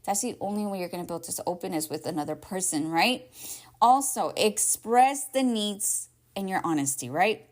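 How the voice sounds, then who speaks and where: A woman's voice: mid-range voice, animated, moderate pace, a little mellow. A woman hosting a casual advice podcast, talking in a rambling, heartfelt way, sometimes close to tears. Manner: rambling and heartfelt, with many "like", "right?" and "y'all". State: emotional, near tears at times. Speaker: podcast host.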